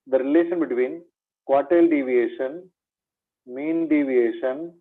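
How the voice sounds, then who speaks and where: A man's voice: medium pitch, phone-quality sound. A man teaching an exam revision lecture in maths, repeating key points, asking rhetorical questions and calling his students "my dear".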